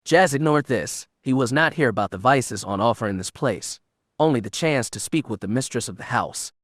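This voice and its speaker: Male audiobook narrator, mid-pitched, measured, dry close mic. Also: animated, fairly bright tone, no echo. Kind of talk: scripted narration.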